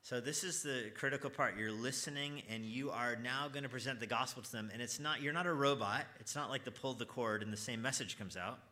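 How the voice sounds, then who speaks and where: Guy teaching a church evangelism class, super bright sharp voice, chatty and earnest. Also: medium pitch, fairly quick, few pauses. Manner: conversational, quizzes the class.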